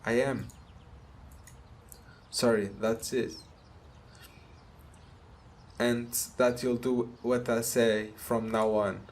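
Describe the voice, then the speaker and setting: A man's voice: medium pitch, level tone, very slow, long pauses, darkish tone. Man voicing a meek, stammering young guy. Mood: apologetic. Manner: hesitant, stammering. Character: young male hero, meek and apologetic. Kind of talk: reading game dialogue aloud.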